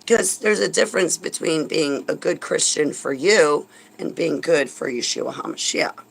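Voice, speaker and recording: A woman's voice: sits low, normal speed, vocal fry, husky, low-quality recording. A woman vlogger delivering a heated, sarcastic religious rant, indignant and swearing when angry.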